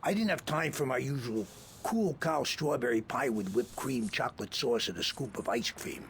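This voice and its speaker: Man voicing a gravelly game detective on stakeout, deadpan, wide swings in pitch. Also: normal speed, noisy background, close to an everyday voice. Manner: deadpan, clipped, flares into anger. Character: gruff male detective on a stakeout, stubborn. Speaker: game character.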